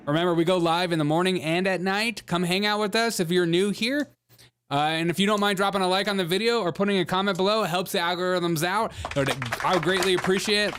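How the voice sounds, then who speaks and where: A man hosting a live online show, giving loud, mocking political commentary and laughing often. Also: on the high side. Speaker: livestream host.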